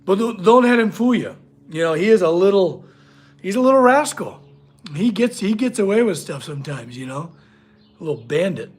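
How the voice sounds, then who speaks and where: A man's voice: high-pitched, lively intonation, moderate pace. A man hosting a casual livestream from his workshop, chatting with viewers and talking to his dog. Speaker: blacksmith livestream host.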